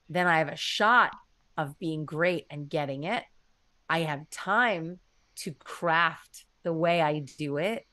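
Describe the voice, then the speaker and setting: A woman's voice: lowish voice, a bit bright, no echo. A woman streamer giving casual advice in an earnest, rambling way, acting out her own thoughts as she goes.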